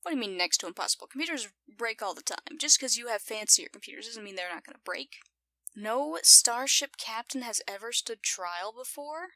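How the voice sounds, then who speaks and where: A woman with a non-standard English accent reacts casually to a TV episode on video, giggling playfully and talking back to the screen. Her voice is a little high, expressive, brisk, pushed and bright, captured in a dry recording.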